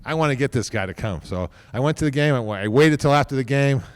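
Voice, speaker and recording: A man speaking at a podium microphone during an induction ceremony, rambling informally, repeating himself and tagging lines with a quick "okay?". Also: medium pitch, animated, clear, resonant tone, no echo. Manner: repeats words and restarts often. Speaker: team executive giving induction speech.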